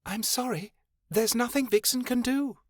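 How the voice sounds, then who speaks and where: A man's voice: very high voice, normal speed, no room sound, studio quality, voice pushed up. A man voicing a small, fierce female fairy warrior who speaks of herself in the third person, in an audiobook. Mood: tearful.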